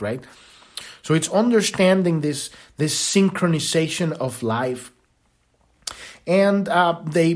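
Rambling podcast host, animated and loose. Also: male voice, high-pitched. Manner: rambling, animated, swears, acts out quotes. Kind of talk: casual spiritual monologue.

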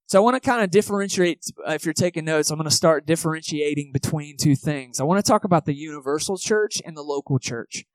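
Casual, conversational pastor preaching a sermon. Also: male voice, a little high, no echo, poor audio. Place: movie theater used as church venue.

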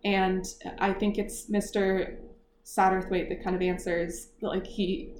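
A woman hosting a casual book club chat, retelling a mystery plot in animated detail and laughing often. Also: medium pitch, takes it slowly. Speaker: book club podcast host. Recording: echoey room, faint noise.

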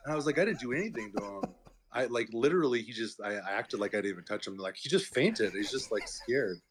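A man chatting as a podcast guest and telling a story in a loose, casual way. He fills it with fillers and throws himself into the voices of the people he quotes. His pitch sits at an ordinary middle level for a man. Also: quick pace, crowd noise. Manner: animated, acts out quoted voices, filler-heavy. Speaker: podcast guest, MMA fighter.

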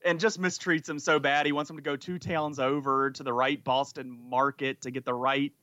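A man's voice: mid-range voice, level tone, moderate pace, sharp tone, dry recording, muffled recording. A man co-hosting a casual podcast chat, talking enthusiastically and rambling with frequent restarts. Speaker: podcast co-host.

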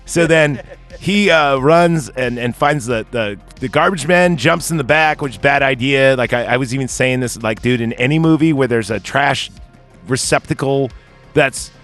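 A man's voice: mid-range voice, normal speed, fairly bright tone, soft background music. A man recapping a movie in casual podcast chat, telling the plot in a rambling, profane way with lots of fillers. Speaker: podcast co-host recapping a film.

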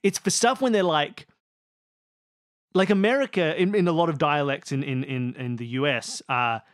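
Australian man, podcast co-host, slightly higher voice, dry close sound, rambling explainer who restarts often. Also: normal speed, no room sound. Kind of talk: casual chat.

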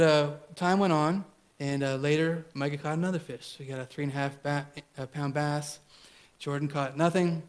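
A middle-aged man preaching a sermon as pastor, blunt and conversational, telling stories with emphatic repetition. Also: on the high side.

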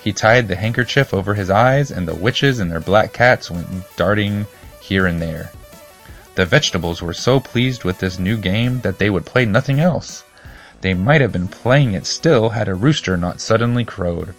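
A man with a low voice reads a children's storybook aloud, steady and expressive. Faint music plays softly behind him. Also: normal speed. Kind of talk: scripted storybook narration.

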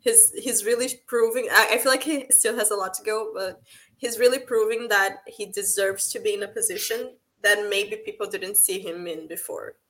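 A woman's voice: mid-range voice, steady tone, normal speed, fairly bright tone. A woman from Europe co-hosting a podcast, gushing in casual chat with lots of fillers. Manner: enthusiastic, filler-heavy. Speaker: podcast co-host.

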